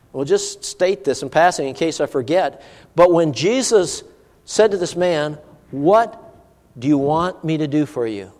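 A man preaching a sermon, animated, swinging between emphatic peaks and hushed asides. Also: fairly high pitch, big-room sound.

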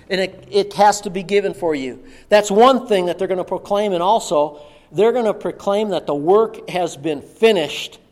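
High-voiced preacher man in a reverberant hall. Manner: emphatic preaching with sudden drops to a hushed voice. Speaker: pastor. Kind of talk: sermon.

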